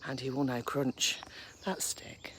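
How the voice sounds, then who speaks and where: A woman chatting casually on a live stream while walking her dogs in a park, cooing at them in a high baby voice. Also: fairly even intonation, slow, slight background noise. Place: woodland park outdoors, early morning.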